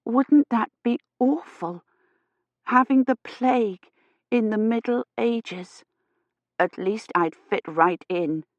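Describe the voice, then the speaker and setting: A woman voicing a frightened young historian, her words halting and shaky with fever. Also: mid-range voice, no room sound, muffled recording, lightly acted. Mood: feverish. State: teeth chattering with fever.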